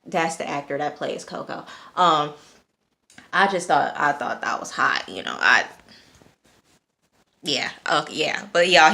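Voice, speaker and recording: A young woman recapping a TV episode for her viewers in a chatty, animated way, full of fillers and blunt cursing. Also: low voice. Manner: many fillers, outbursts of cursing. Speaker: TV episode reviewer. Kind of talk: casual episode recap to camera.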